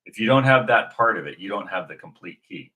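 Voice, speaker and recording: A man's voice: fairly low pitch, lively intonation, a little fast, noisy background. A man giving an unscripted, rambling religious monologue to his video audience, with many restarts and fillers. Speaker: video host.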